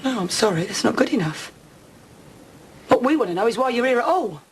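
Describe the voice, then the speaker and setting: Actress doing a woman in a tv soap, high voice, bitter and sarcastic, holding nothing back. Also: animated, a little fast, a little hiss or hum, natural voice, poor audio. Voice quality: bitter, sarcastic, then breaking down. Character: angry distraught East End woman confronting her attacker. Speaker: victim confronting attacker. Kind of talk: television soap drama acting.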